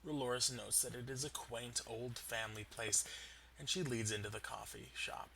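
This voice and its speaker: A man narrating a tabletop game as game master, in steady, descriptive storytelling. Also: medium pitch, moderate pace, vocal fry, a little hiss or hum.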